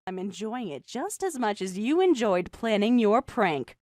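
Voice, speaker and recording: A woman's voice: mid-range voice, big pitch swings, darkish tone, dry recording, clean studio sound. Woman as a cool, cutting young woman. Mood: cold mocking. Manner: cool, mocking, measured. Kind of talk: animated story voice acting and first-person narration.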